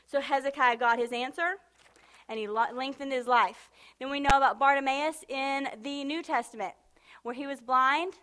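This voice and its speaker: A woman delivers a sermon in a high voice. Her tone is bright and ringing. She builds fervor through repeated phrases, then slips into casual, chatty asides. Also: unhurried. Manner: impassioned, emphatic repetition, casual asides. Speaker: preacher.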